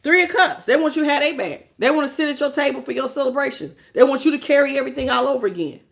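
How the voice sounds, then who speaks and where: A woman's voice: high-pitched, rapid-fire, vocal fry. A woman doing a tarot reading to camera, sassy and emphatic, often laughing as she talks. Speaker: tarot reader.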